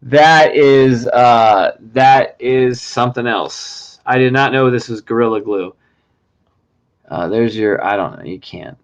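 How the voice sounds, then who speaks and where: A man's voice: medium pitch, takes it slowly, highs cut off. A man hosting a loose, casual livestream. He rambles and jokes with plenty of swearing. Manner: rambling, profane, jokey. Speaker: podcast host.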